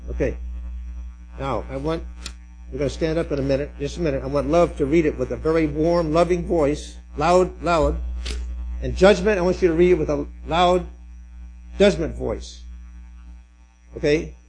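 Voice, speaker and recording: A man teaches a Bible study group in a church hall or classroom, explaining and then directing the class as they prepare to read aloud. His voice sits a little high for a man, and faint music plays in the background. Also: moderate pace, pauses often, darkish tone. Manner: instructive, directing the group, with restarts and fillers.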